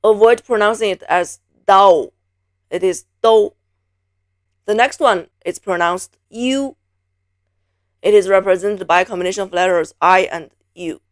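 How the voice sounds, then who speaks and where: A woman's voice: medium pitch, dry recording, studio quality. A woman from Beijing teaching a Mandarin pronunciation lesson, patiently repeating each sound several times. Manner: patient, drills sounds by repeating them slowly.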